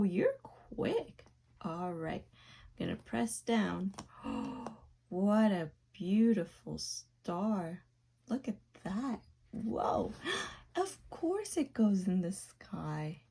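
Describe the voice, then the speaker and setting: A woman hosting a children's video, narrating playfully with gasps and wide-eyed excitement to a young viewer. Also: medium pitch, drawn-out words, vocal fry, breathy edge. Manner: gasping, wide-eyed excitement, drops to a soft whisper at times. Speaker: children's educational video host.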